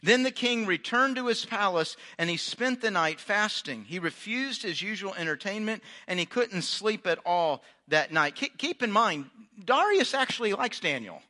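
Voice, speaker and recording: A man's voice: high-pitched, very animated, moderate pace, bright, forceful tone. A man preaching a sermon, reading scripture aloud and adding chatty, joking asides for his congregation. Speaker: pastor.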